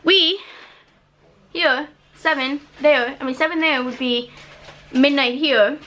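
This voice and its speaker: A woman's voice: high-pitched, takes it slowly, sharp tone. A young woman chatting casually in a vlog from a hotel room, rambling with lots of fillers. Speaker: student vlogger.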